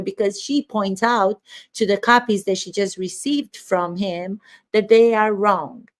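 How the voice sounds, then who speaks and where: A woman acting coach breaking down trial footage in an emphatic commentary. She drives her points home with pointed rhetorical questions, speaking at a mid-range pitch.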